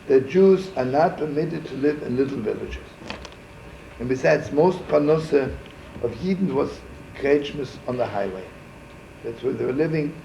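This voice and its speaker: Rabbi storyteller, gravelly and rambling, with Yiddish asides; muffled, echoey archival room tape. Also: male voice, fairly high pitch, warm tone, a little hiss or hum. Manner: folksy, digressive, with frequent "right?" asides; sprinkles Yiddish words. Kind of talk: informal storytelling talk.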